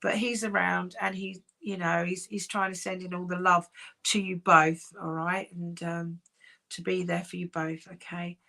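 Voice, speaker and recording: A woman working as a psychic medium, giving live-streamed readings in a soft, reassuring, chatty way with many pauses. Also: on the low side, little pitch movement, creaky. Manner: soft, reassuring, calls sitters "my darling".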